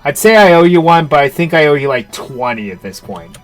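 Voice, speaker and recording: A man's voice: fairly high pitch, lively intonation, a little fast, faint music behind, close to an everyday voice. A man voicing a worried, self-blaming young trainer friend, reading game dialogue in an anxious, pleading way.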